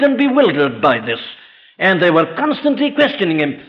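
A man preaching a sermon with emphatic delivery, firing rhetorical questions and slowing right down on key phrases. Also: high-pitched, wildly swooping pitch. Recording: dull lo-fi recording.

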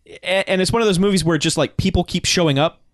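A podcast co-host with a high voice talks fast as he reviews a film in rambling, profane, enthusiastic chat. The recording is dry and of studio quality.

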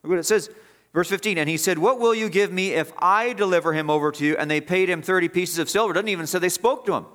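A man's voice: high voice, quick pace, a bit bright. A man preaching an expository sermon as pastor, emphatic and repeating phrases for stress.

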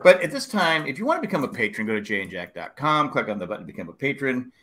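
A man co-hosts a loose comedy podcast, joking and rattling off plugs and thank-yous. His voice is bright, and his pitch bounces around a lot. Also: sing-song, rapid-fire. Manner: jokey, wraps up the show with plugs. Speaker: podcast co-host. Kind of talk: casual banter.

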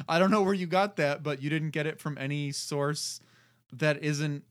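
A man's voice: a little high, steady tone, measured pace, no echo, studio quality. Rambling man chatting on a podcast. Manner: rambling, searches for words, laughs often. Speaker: podcast co-host. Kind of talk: casual chat.

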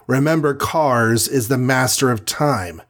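A man voicing a calm, commanding male superhero in armor in a storybook reading, measured and firm. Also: mid-range voice, close to an everyday voice. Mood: reasoning.

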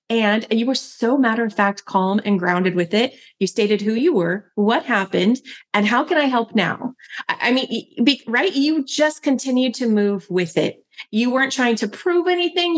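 A woman confidence coach speaking as a podcast guest, calm, encouraging and affirming. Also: a little high. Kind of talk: casual conversation.

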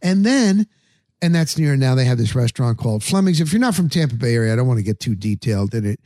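Animated middle-aged man telling a story. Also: mid-range voice, quick pace, no room sound, studio quality. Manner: animated, acts out his own thoughts in quotes. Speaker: sports radio and podcast host. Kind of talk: casual storytelling monologue.

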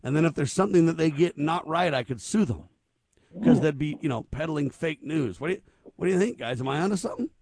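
A man's voice: on the high side, animated, quick pace, darkish tone, no room sound, clean studio sound. A man hosting a talk show, chatting casually and joking as he puts questions to his co-hosts.

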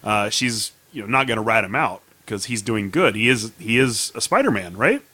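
A man's voice: lowish voice, lively intonation, normal speed, sharp tone, no echo. A man hosting a casual chat, upbeat and steering the talk. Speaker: podcast host.

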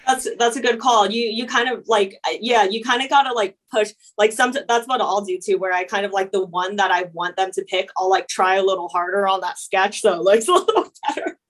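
A woman's voice: mid-range voice, brisk, hardly any pauses. Young woman chatting casually, filler-heavy. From USA. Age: young adult. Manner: relaxed, frequent "like" fillers, laughs easily. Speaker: illustrator and painter guest. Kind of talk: casual interview chat.

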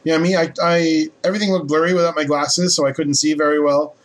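A man's voice: a little high, flat delivery, fairly quick. A man co-hosting a podcast, chatting casually in a joking, playful way. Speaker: podcast co-host. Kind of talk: casual chat.

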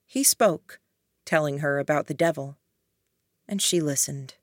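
A woman reads an audiobook in an even, measured way. Her voice sits on the low side and she takes her time. The recording is close and dry. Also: no room sound. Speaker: audiobook narrator. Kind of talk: scripted narration.

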